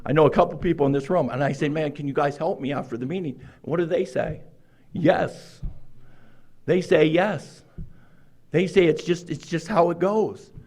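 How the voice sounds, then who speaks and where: A man in his sixties telling his own recovery story to a meeting, acting out quoted lines with sudden jumps in pitch and loudness. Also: normal speed. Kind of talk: personal recovery story told to a group.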